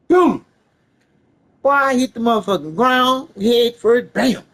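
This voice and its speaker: A man telling a story casually, animated and profane, laughing along the way. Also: very high-pitched, measured pace, pauses often, poor audio.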